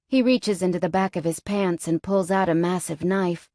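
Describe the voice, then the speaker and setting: A woman's voice: lowish voice, fairly even intonation, moderate pace, few pauses, warm tone, no echo. A woman narrating a first-person audiobook in a tense, frightened tone, recorded close on a studio mic.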